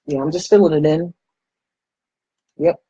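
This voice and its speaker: A young adult woman from the United States chatting casually while doing her makeup, telling stories with lively quoted voices. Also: low voice, unhurried, slightly rough, no echo, muffled recording. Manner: chatty storytelling, animated quoted voices, frequent laughs. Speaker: makeup vlogger.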